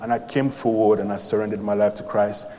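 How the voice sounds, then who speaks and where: A man's voice: fairly low pitch, brisk, a little hiss or hum. Man testifying in a reverberant hall. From London. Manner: animated storytelling with many fillers and restarts. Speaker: preacher giving testimony. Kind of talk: sermon testimony.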